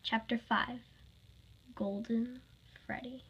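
A woman's voice: on the high side, steady tone, measured pace, creaky, long pauses, breathy edge, highs cut off. A woman reading her own fan story aloud, plainly, with small slips.

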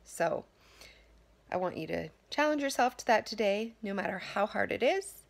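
A woman's voice: mid-range voice, big pitch swings, moderate pace, gravelly. A woman wellness coach giving an earnest motivational talk, repeating reassuring affirmations. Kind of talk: motivational daily challenge talk.

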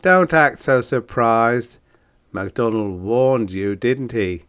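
A man's voice: mid-range voice, slow pace, fairly bright tone, clean tone. A man voicing a wisecracking bug-eyed male monster in an audiobook, breezy and matter-of-fact. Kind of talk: audiobook character voice.

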